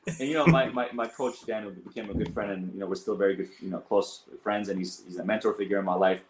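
A man in his thirties who came to America from abroad, a guest telling animated stories in an interview and acting out what others said. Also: on the low side, fast talker, echoey room, noisy background. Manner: animated storyteller acting out quotes. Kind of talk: casual storytelling in an interview.

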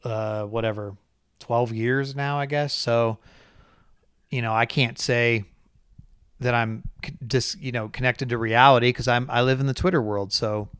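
A man's voice: mid-range voice, measured pace, clean tone, no echo, studio quality. A man co-hosting a racing podcast, ranting in casual chat and exasperated as he mocks other people's views. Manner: animated, exasperated, mocks others in quoted voices. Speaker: podcast host.

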